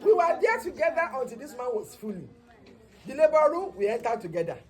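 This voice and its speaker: Animated Nigerian nurse telling a story. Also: female voice, high voice, a little fast. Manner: animated, mixes in Yoruba words. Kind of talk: comic storytelling.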